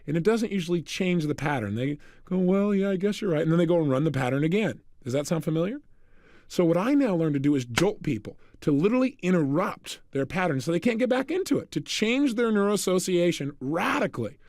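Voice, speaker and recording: A man giving a motivational talk, telling energetic stories and acting out the dialogue. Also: fairly high pitch, fairly quick, dry recording, clean studio sound. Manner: energetic, storytelling, acts out dialogue. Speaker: motivational speaker.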